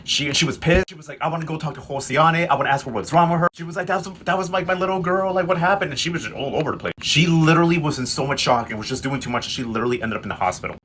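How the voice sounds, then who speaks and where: A man giving a sassy, slang-heavy casual recap, quickly acting out characters' lines. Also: on the high side, fairly bright tone, a little hiss or hum. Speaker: recap host. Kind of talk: casual comedic recap narration.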